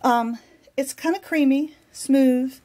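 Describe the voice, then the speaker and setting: A woman's voice: high voice, takes it slowly, warm tone. A woman with a Southern accent chatting casually at home about crafts, often restarting and correcting herself. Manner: chatty, self-correcting, homey. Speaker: craft vlogger. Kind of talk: casual show-and-tell chat. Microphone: camera mic.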